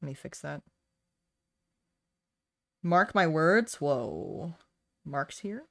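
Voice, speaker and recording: A woman's voice: low voice, animated, extremely slow, vocal fry, no room sound. A woman streaming while she draws, chatting playfully with her chat in a casual, rambling way. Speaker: art streamer.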